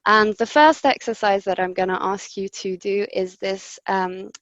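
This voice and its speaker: On a video call picked up by a computer mic, a woman voice coach walks listeners through voice and breathing exercises, giving friendly step-by-step instructions full of ums. Her medium-pitched voice has a fairly bright tone at normal speed, with no echo but the highs cut off.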